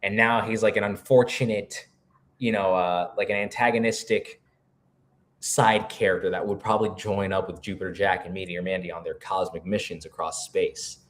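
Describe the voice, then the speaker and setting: A man's voice: sits low, normal speed, a little hiss or hum. A man co-hosting a live character-creation stream, chatting casually and rambling with lots of filler words. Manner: rambling, animated, full of "like" fillers. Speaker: co-host.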